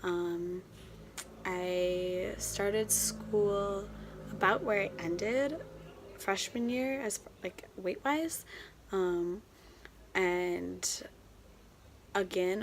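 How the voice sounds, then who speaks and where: A young woman vlogging casually with a hoarse voice left over from a cold, often pausing with ums and dropping to a near-whisper. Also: lowish voice, a little hiss or hum. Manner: many filler ums, soft drop to near-whisper at times. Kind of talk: casual vlog talk. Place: home in Seoul.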